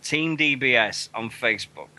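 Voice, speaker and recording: A man from Sheffield with a Sheffield accent, hosting a casual radio chat, excitable and swearing freely. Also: mid-range voice, normal speed. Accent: Sheffield English. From Sheffield, England. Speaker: radio show host. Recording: internet radio show.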